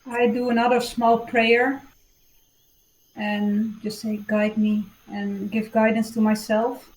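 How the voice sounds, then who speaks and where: Higher-voiced woman player asking questions. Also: level tone, slow, rough recording. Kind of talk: playing a tabletop role-playing game.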